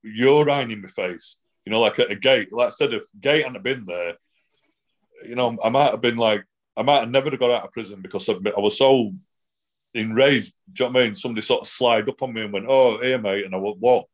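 A middle-aged man talks freely in an interview, circling back on himself with "you know" and "like" and swearing bluntly. His voice sits at an ordinary middle pitch. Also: fairly quick. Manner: rambling, many restarts and fillers, blunt swearing. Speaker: guest. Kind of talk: casual interview, personal account.

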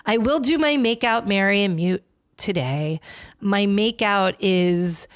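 A woman's voice: medium pitch, slow pace, no echo, studio quality. Chatty, sarcastic woman podcast host. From New York. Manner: chatty, gossipy and sarcastic, with many fillers. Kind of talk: casual solo podcast commentary.

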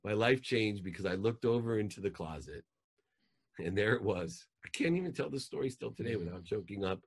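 Deep-voiced man telling a life story. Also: brisk, slightly rough. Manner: emotional, animated storytelling with rising outbursts. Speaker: podcast guest. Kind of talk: personal storytelling.

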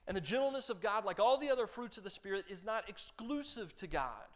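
A man's voice: sits high, expressive, a little fast, few pauses. A man pastor giving a conversational sermon, joking with his congregation.

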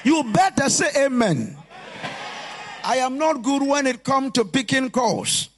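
A man preaching a sermon as pastor, impassioned and often shouting in a sing-song preaching cadence. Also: very high-pitched, expressive, unhurried, a little hiss or hum. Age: adult.

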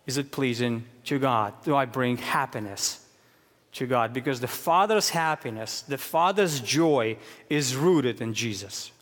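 A man preaching a sermon in earnest, moving between hushed low stretches and raised, emphatic questions. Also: lively intonation, measured pace. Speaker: pastor. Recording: long hall reverb.

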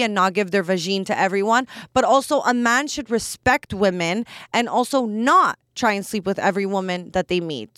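On her laid-back solo podcast, a twenty-something woman talks frankly and bluntly, sprinkling in lots of "like." She has a mid-range, fairly bright voice, captured in a dry, clean studio recording.

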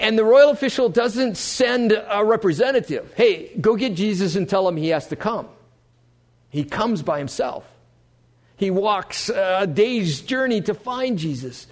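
Animated male pastor preaching. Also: fairly high pitch. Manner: animated, swinging from loud emphasis to quiet asides. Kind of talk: sermon. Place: church sanctuary before a congregation.

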